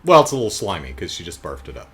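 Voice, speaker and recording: A man's voice: low-pitched, very animated, very fast, a bit bright, a little hiss or hum. A man giving a casual, jokey TV review, retelling the plot with sarcastic asides.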